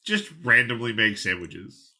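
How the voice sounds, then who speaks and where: A man's voice: fairly low pitch, sing-song, unhurried, bright, forceful tone. A man co-hosting a podcast in casual chat, rambling with fillers and swearing, a little sick. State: sick, coughing. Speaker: podcast co-host.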